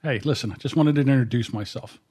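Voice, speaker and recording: A man hosting a casual podcast, talking into a studio mic in a voice of ordinary middle pitch. He tells stories in a blunt, rambling way. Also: fast talker, mellow, breathy edge. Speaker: podcast host. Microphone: dynamic studio mic.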